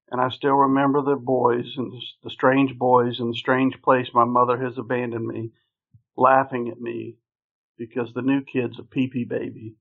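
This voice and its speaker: Man telling his story on a thin line. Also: medium pitch. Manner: earnest, vivid storytelling in present tense. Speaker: podcast guest. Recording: phone-like narrow sound.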